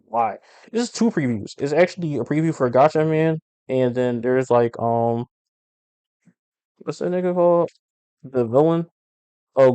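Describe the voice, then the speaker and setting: A man hosting a podcast, chatting casually and profanely in slangy, animated rants. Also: mid-range voice, no room sound. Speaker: podcast host. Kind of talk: casual comic book review podcast.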